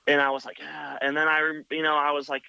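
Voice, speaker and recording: A motorcycle builder telling a long story in casual chat, full of "like" and "you know.". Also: male voice, on the high side, completely flat delivery, fast talker, vocal fry, noisy background. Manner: rambling, filler-heavy with many "like" and "you know". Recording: dull lo-fi, dry sound.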